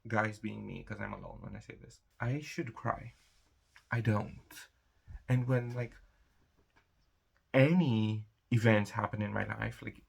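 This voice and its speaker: A young man rambles through a casual solo vlog monologue in a low, gravelly, husky voice. He drifts between asides and quick quoted voices. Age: young adult. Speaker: vlogger.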